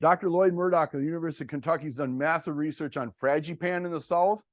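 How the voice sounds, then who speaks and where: A man's voice: fairly high pitch, fairly even intonation, quick pace, no echo, studio quality. A middle-aged man giving a farm workshop presentation to farmers on cover crops, talking in a blunt, folksy and plainspoken way. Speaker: cover crop seed dealer presenting to farmers.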